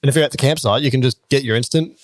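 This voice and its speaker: A man's voice: mid-range voice, racing, dry recording, clean studio sound. A man with an Australian accent hosting a casual podcast chat and ranting animatedly about his hot takes. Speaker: podcast host.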